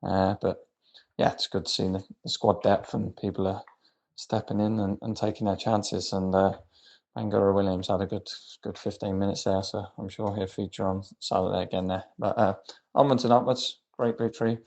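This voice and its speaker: A man leaving a hesitant voicemail about a football match, pausing on many fillers. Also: deep voice, level tone, gravelly, a little mellow. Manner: hesitant, lots of uhs. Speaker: voicemail contributor. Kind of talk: recorded voicemail.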